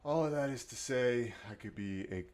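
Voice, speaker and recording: A man giving casual market commentary as a day trader, mumbling quietly over his charts at times and firing up into a loud, swearing pep talk at others. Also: mid-range voice, normal speed.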